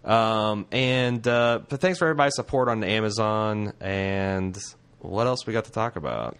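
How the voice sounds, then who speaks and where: Brief: low-pitched male podcast co-host, loose and rambling, joking around. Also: normal speed, a bit bright, clear, resonant tone. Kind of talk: casual podcast chat.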